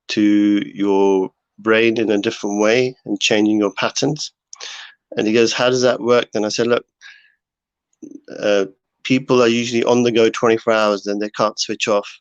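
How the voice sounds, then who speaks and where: Host, male, low monotone, rambling casual delivery, dry dull lo-fi home mic. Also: clear, resonant tone, no room sound. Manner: rambling, many fillers and restarts. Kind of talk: casual live talk to viewers. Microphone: home setup. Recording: dull lo-fi sound.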